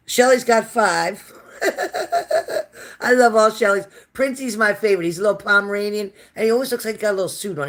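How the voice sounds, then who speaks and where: A woman with a raspy, low smoker's voice and a sore throat, hosting a casual livestream and warmly thanking viewers by name. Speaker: livestream host reading viewer comments.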